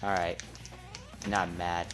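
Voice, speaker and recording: A man giving live gameplay commentary, trash-talking the opponent and muttering between loud outbursts. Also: low-pitched, little pitch movement, measured pace. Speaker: gamer. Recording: loud game music behind voice. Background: fighting game music and effects.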